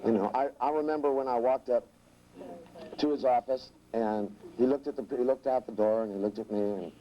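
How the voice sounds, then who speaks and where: A man's voice: mid-range voice, steady tone, brisk, warm tone, lo-fi sound. A man teaching a live seminar, rambling and restarting sentences, with irreverent jokes and asides. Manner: acts out voices in quotes. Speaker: seminar trainer.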